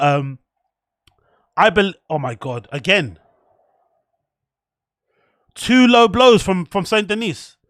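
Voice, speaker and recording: A young man with a slightly high voice hosts a casual live stream, recorded cleanly in a studio with no echo. Excitable, he reacts to chat and a fight, swearing a lot, laughing often and slipping into mock French bits.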